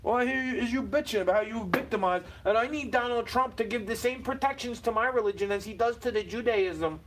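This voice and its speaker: A man delivering a profane, combative rant straight to the camera, swinging between low muttering and loud outbursts. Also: fast talker, a little hiss or hum. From United States. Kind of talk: profane ranting monologue.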